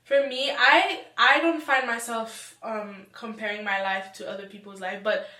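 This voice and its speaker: A woman from Haiti hosts a relaxed chat, asking questions and talking loosely with lots of fillers. Her voice sits in a roomy space. The mic picks her up from a distance. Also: fairly high pitch, normal speed. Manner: chatty, asks questions, many fillers. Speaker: host. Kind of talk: casual chat.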